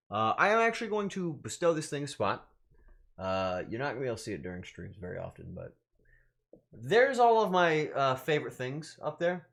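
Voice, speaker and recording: A man's voice: medium pitch, fairly bright tone. A young adult man chatting casually on a livestream, joking in mock outrage and swearing freely. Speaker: streamer.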